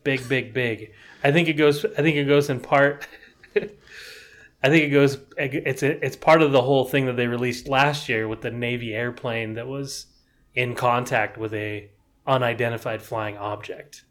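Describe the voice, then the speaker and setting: A man co-hosts a podcast, chatting casually and rambling along with plenty of fillers and restarts that make him sound hesitant. His voice is mid-range and a little bright, with a steady tone at a moderate pace.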